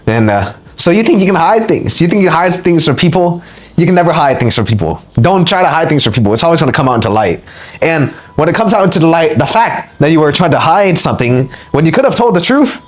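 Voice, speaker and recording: Guy preaching self-improvement, punchy and repetitive, pitch jumps around a lot. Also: big pitch swings, fast. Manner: emphatic, repeats words for punch. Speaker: spiritual teacher and channel host. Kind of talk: motivational spiritual lecture.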